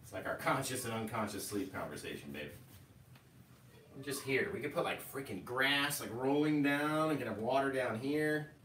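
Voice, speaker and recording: A man's voice: medium pitch, animated, moderate pace, a bit bright. Chatty male painting instructor, roomy echo. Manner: rambling, chatty, storytelling asides. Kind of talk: casual live tutorial chat. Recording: echoey room, distant mic, faint noise.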